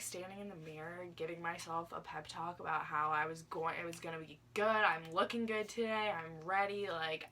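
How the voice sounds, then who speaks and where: A woman's voice: lowish voice, pushed and bright, distant mic, slight background noise. A young woman telling a personal story in a casual vlog, chatty and full of fillers, acting out her younger self now and then. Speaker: vlogger.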